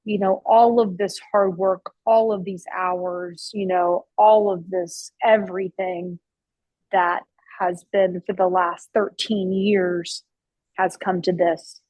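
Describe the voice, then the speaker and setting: A woman's voice: fairly low pitch, flat delivery, takes it slowly, a little mellow, no echo, rough recording. A woman who owns and cooks at a barbecue restaurant, telling stories in a casual interview, chatty, with many restarts and the odd casual swear. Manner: chatty, with frequent restarts and fillers. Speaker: barbecue restaurant owner and chef. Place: her restaurant.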